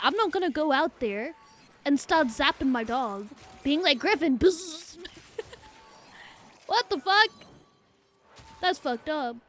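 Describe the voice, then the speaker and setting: A young woman streamer chats casually from a home setup. She talks in a high, bright register, unhurried between her excitable bursts. Her talk is loose, profane and full of laughter. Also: a little hiss or hum. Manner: excitable, swearing, laughing often.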